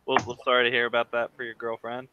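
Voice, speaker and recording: A man chatting casually on a video call, easygoing and quick to laugh. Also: medium pitch, monotone, clear, resonant tone, highs cut off. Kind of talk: casual chat.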